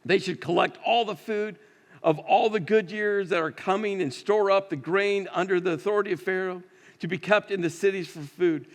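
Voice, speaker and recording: Pastor, male, high voice, dramatic sermon delivery in a reverberant church hall. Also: normal speed. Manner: preaching with dramatic rises and quiet drops.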